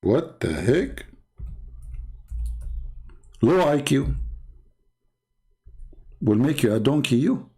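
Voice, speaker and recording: Male debate host, middle-aged, gravelly voice, sarcastic and mocking delivery. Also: mid-range voice, big pitch swings, extremely slow, long pauses, dark tone. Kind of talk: mocking commentary on videos.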